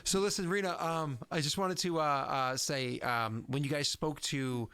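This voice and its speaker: A man's voice: fairly high pitch, normal speed, sharp tone, clear, resonant tone. A man running a tabletop game on a stream, rambling and chatty with plenty of filler words. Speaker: game master.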